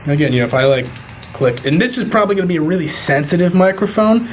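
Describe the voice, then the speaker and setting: A man's voice: sits high, quick pace, highs cut off, a little hiss or hum. Chatty man explaining microphones. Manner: relaxed, chatty, lots of fillers like "you know" and "um". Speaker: podcast audio producer, guest. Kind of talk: casual explanatory chat, demonstrating microphones. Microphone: switching between webcam mic and USB condenser over a video call.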